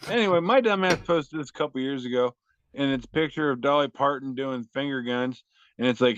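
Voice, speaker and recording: A man's voice: medium pitch, fairly quick, lo-fi sound, background noise. A man co-hosting a podcast, presenting memes in a laid-back, profane, self-deprecating way. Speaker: podcast co-host. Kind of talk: casual chat presenting memes.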